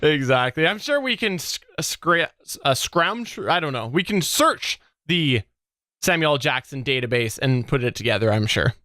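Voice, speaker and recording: A man hosting a casual podcast, with a bright, forceful voice that sits a bit high. He sounds smooth and crisp and talks in an animated, chatty way. The sound is close and dry. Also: a little slow, dry recording. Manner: laughs often, animated and chatty. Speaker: podcast host.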